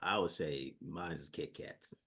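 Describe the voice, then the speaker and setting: A man in his late thirties on a casual podcast, laid-back and quick to laugh. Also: very deep voice, sharp tone, no echo, clean studio sound. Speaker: podcast guest. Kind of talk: casual banter.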